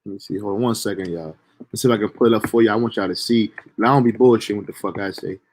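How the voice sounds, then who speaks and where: A young man telling a story from his own life in a casual, animated, profane way. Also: on the low side, rapid-fire. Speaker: storyteller streamer.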